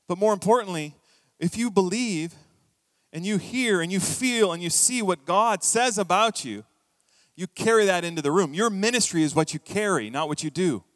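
A middle-aged man preaching a sermon in a church, telling stories with lively acted-out quotes. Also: sits high, no room sound, big-room sound. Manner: storytelling, animated, acts out quoted voices. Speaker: pastor. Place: church hall.

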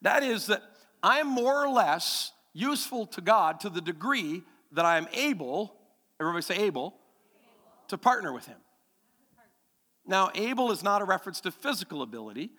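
A male pastor preaching a sermon in church, emphatic and animated, repeating key phrases and asking the congregation questions. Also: high-pitched, moderate pace, big-room sound.

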